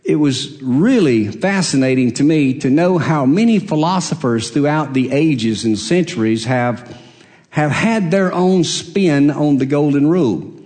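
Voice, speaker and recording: A man's voice: fairly high pitch, expressive, a little slow, a little mellow. A man preaching a sermon, emphatic, repeating his phrases and asking rhetorical questions.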